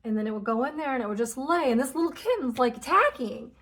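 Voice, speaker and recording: A woman's voice: high voice, animated, fast, fairly bright tone. A woman talking casually and candidly about spiritual energies, swearing freely and acting out inner conversations. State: tearful at moments. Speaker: spiritual channel host.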